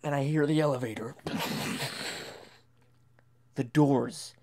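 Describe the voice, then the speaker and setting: A man's voice: medium pitch, fairly even intonation, takes it slowly. Man telling a comic horror story. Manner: dramatic, dropping to whispers and rising to near shouts.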